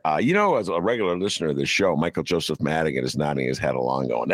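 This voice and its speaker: A podcast host in a casual comedic chat who laughs often and fills pauses with hesitant uhs. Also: male voice, rumbling low, expressive, dry recording.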